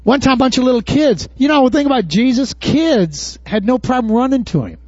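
A man preaching a sermon in a folksy, animated way, full of rhetorical questions, then leading a prayer. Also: very high voice, brisk, no echo, highs cut off. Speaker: pastor.

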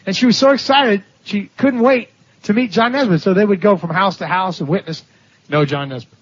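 Slightly rough and pitched high, a man's fairly quick voice carries a sermon built on stories. He acts out the voices of the people involved and laughs along, all on a dull lo-fi recording.

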